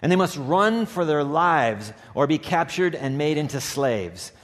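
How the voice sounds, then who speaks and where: A man's voice: on the high side, big pitch swings, a little slow. Male preacher in a reverberant church. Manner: builds to urgent emphatic peaks; soft hushed prayer voice. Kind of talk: sermon with read-aloud story. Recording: long hall reverb.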